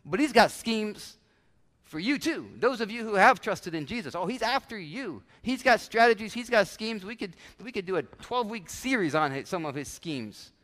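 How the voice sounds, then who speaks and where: High-voiced preacher in a reverberant hall. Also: male voice, moderate pace. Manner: animated preaching, acts out everyday voices. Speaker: pastor. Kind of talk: sermon. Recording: long church hall reverb.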